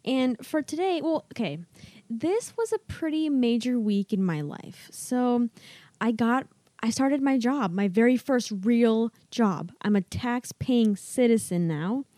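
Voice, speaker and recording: A woman's voice: fairly high pitch, animated, unhurried, warm tone, no room sound. A young woman co-hosting a podcast, chatting casually in a giggly, rambling way. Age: young adult. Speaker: podcast co-host. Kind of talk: casual chat.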